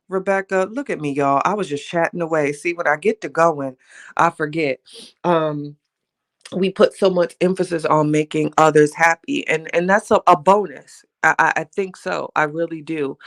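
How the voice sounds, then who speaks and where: A woman in her forties talks through a casual live stream in a reflective, conversational way. She keeps checking in with her listeners, leaning on little asides like "you know what I'm saying", and greets viewers warmly by name between thoughts. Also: low-pitched.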